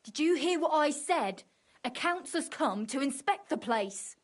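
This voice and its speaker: An actress playing an impatient woman who runs a tavern in a video game, scolding and giving brisk orders. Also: sits high, lively intonation. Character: bossy woman running a tavern, impatient and practical.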